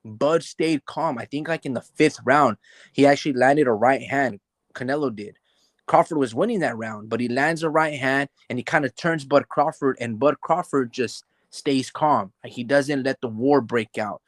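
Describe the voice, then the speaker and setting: A man talking casually about a boxing match as a podcast host, animated and loose, filling his talk with "like" and "bro" and acting out the fighters' thoughts. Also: mid-range voice, normal speed, no echo. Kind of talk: casual boxing analysis chat.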